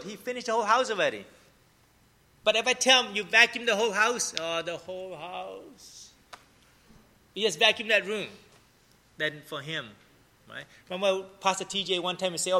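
Man, chatty preacher, high bright voice, keeps asking "right?". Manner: tells everyday stories to make points. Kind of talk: sermon.

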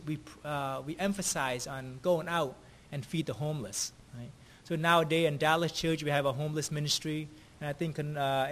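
A man with a high voice delivers a sermon. He reads scripture aloud, then moves into storytelling, and he keeps checking in with his listeners by asking "right?". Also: a bit bright. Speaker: preacher.

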